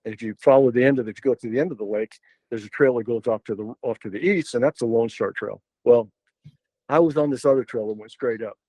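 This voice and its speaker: An older man with a drawl tells a story as a podcast guest, wandering through it with fillers, restarts and asides. His voice sits at an ordinary middle pitch. The sound is close and dry, with no room around it. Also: quick pace, mellow, no room sound, poor audio. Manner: rambling, many fillers and restarts. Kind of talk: casual storytelling.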